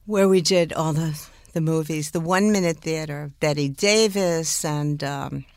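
An older woman, an impressionist and singer, telling animated stories in an interview, laughing often and slipping into impressions. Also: sits low, unhurried, no room sound, clean studio sound. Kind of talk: lively storytelling in a talk interview.

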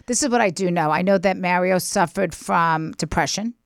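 A woman guest on a talk podcast, chatting casually and telling stories with emphatic, animated delivery. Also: lowish voice, normal speed, dry recording, studio quality. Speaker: guest, reality TV personality. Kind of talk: casual chat.

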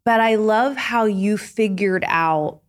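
A woman hosting a podcast interview, chatting in a casual, enthusiastic way with quick eager agreement. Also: medium pitch. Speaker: podcast host.

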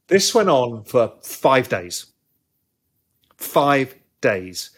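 A man with a husky, mid-range voice tells a story from his trading days. He talks fast, with plenty of asides. It sounds like an interview. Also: mid-range voice. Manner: animated anecdote-telling, quick asides. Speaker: guest, former trader.

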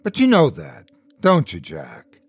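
A man voicing an ancient, horned, inhuman being that speaks calmly and with curiosity, slow and quietly menacing. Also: mid-range voice, breathy edge, dry recording, exaggerated voice.

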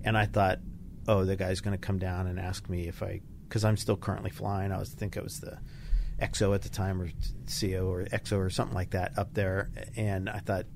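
A man's voice: deep voice, brisk, creaky, a little hiss or hum. An older man, a retired fighter pilot, telling stories in a casual interview and acting out the people he quotes. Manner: animated storyteller, acts out quoted voices. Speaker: podcast guest, retired Navy fighter pilot.

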